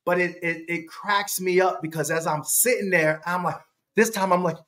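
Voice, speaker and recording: A man telling a story as a podcast guest, animated and laughing, jumping in pitch to act out quotes. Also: moderate pace. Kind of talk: casual storytelling.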